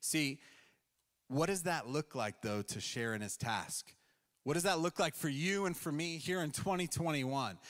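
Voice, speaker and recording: A male pastor delivers a casual, story-driven sermon, slipping into little acted quotes as he talks. His voice sits a bit high for a man. The sound carries a long reverb tail, like a large church hall. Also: lively intonation, measured pace, a bit bright.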